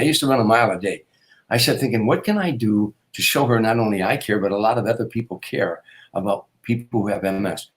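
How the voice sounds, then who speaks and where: A man in his sixties, a comedian guest, telling a long personal story in an earnest, rambling way. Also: fairly low pitch. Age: 60s. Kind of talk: storytelling interview.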